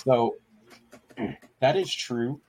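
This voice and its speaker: A man's voice: medium pitch, extremely slow, background noise. A young man hosting a casual podcast, reading text messages aloud, swearing often and restarting his sentences. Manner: swearing, stops and restarts himself. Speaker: podcast host.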